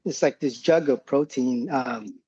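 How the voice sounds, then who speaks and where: A man's voice: mid-range voice, unhurried, darkish tone, slightly rough, lo-fi sound. A man in his forties, a podcast guest and former combat medic, telling war stories in a rambling, profane way and laughing often. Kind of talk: casual war storytelling.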